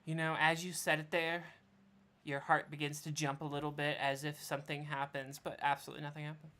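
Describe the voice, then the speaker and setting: A woman game master runs a tabletop role-play game with a very low voice. She narrates in a relaxed, rambling way and often searches for words. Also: fairly quick.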